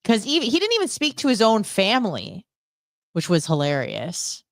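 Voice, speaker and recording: A woman's voice: mid-range voice, huge pitch swings, moderate pace, dry recording, clean studio sound. A woman co-hosting a show, telling a story in a blunt, profane and sarcastic casual rant. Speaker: podcast co-host. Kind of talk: casual ranting monologue.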